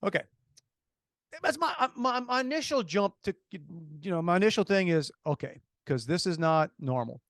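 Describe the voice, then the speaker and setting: A man's voice: high voice, animated, normal speed, no room sound, studio quality. A man with a Cajun accent, co-hosting a podcast and telling a long rambling story with many restarts. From Louisiana. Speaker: podcast co-host. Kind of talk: casual storytelling.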